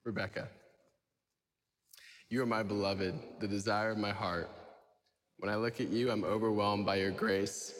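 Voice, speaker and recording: A man's voice: on the low side, fairly bright tone. A man, the groom, earnestly reading his wedding vows. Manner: earnest, devoted. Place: wedding venue. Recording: echoey ceremony hall.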